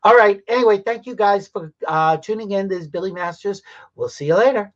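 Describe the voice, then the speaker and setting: A man's voice: sits high, brisk. A man hosting a live-stream talk show, chatting casually and speaking straight to his viewers in a reassuring way. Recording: dull lo-fi stream audio.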